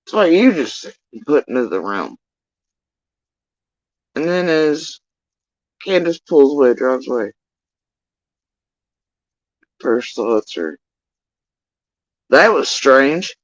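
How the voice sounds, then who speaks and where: A man telling an emotional personal account, halting and swearing often as he recounts what happened. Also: medium pitch, big pitch swings, a little mellow, dry recording, highs cut off. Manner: profane, halting, emotional retelling. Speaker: witness recounting events.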